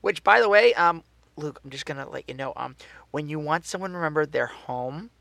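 A man's voice: on the high side, expressive, brisk, creaky, bright, forceful tone, no echo. A man co-hosting a casual podcast, animatedly retelling scenes, acting out dialogue and laughing often. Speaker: podcast co-host. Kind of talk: casual chat recapping a TV show.

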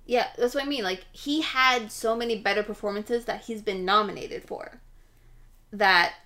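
A woman's voice: medium pitch, moderate pace, sharp tone. A woman co-hosting a podcast in casual chat, chatty and opinionated, often talking over her partner. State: chewing while talking. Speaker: podcast co-host.

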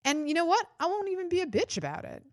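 A woman hosting a political comedy podcast, talking casually and swearing a lot, jumping up in pitch when she mimics others. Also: fast, no room sound, studio quality. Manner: chatty, profane and animated, jumping up in pitch for mock quotes. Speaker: podcast host.

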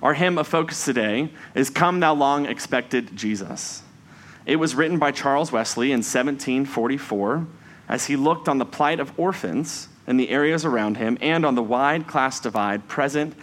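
Man preaching a measured sermon. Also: mid-range voice, fairly bright tone. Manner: measured, reflective delivery with slow emphatic phrases.

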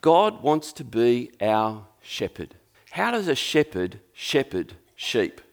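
An Australian man preaching with an easy, conversational warmth, slipping jokes and little stories into his sermon. His voice sits at a middling, ordinary pitch for a man. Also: very animated, takes it slowly. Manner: conversational, jokey storytelling preaching.

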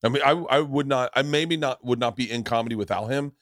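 A man's voice: quick pace, dry recording. Man hosting a podcast, forties, profane storyteller, dry close mic. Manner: profane, animated, acts out quotes in high voices. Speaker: podcast host, comedian. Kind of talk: casual chat, storytelling.

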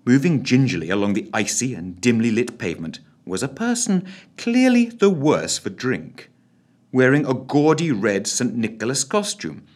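A man with a husky, medium-pitched voice narrates a scripted audio story, delivering it theatrically, wryly, and with great animation.

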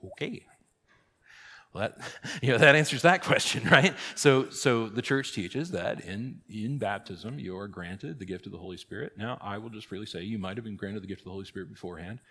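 Low-voiced pastor in a reverberant church. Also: male voice, a little fast, pushed and bright, breathy edge. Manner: conversational, frequent "okay?" and "right?" check-ins. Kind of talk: catechesis teaching. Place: church hall. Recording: long reverb of a large hall.

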